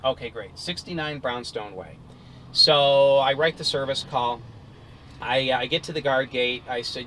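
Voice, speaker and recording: A middle-aged man, an appliance repair technician, casually telling stories in an animated way with many fillers, recorded in a car. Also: mid-range voice, measured pace, a little hiss or hum, low-quality recording. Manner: animated, lots of fillers and restarts. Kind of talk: casual storytelling.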